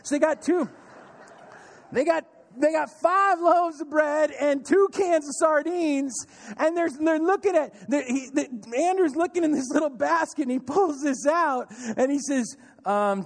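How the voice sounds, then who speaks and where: A man preaching a sermon as pastor, animated, acting out panicked voices and answering them softly. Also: extremely high pitch, normal speed, in a large hall. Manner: animated, acts out panicked voices and a calm soft reply.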